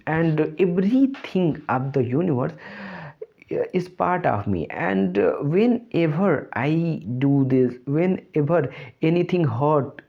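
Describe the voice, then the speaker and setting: A young man with an Indian English accent giving a reflective spoken monologue, halting and earnest as he searches for words. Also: fairly high pitch, creaky. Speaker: channel host. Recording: dull lo-fi recording.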